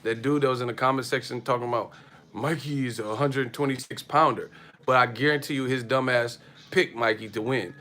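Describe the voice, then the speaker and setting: Bright-voiced man ranting on a livestream. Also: mid-range voice, fairly quick, soft background music. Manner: profane, animated storytelling with frequent laughter. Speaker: boxing livestream host. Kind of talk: casual livestream rant.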